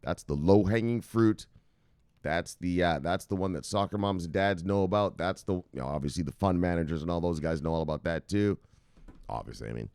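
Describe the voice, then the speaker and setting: A man's voice: sits low, brisk, darkish tone, clean tone, dry recording. A male host giving casual, loose crypto news commentary from his computer, chatty and profane, laughing often.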